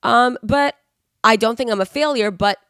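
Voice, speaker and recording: A woman's voice: on the high side, normal speed, a bit bright, smooth, no echo, studio quality. A woman in her twenties, sick with the flu, hosting a solo podcast and giving earnest, rambling motivational advice full of fillers. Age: 20s. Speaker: podcast host. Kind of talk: casual solo podcast monologue.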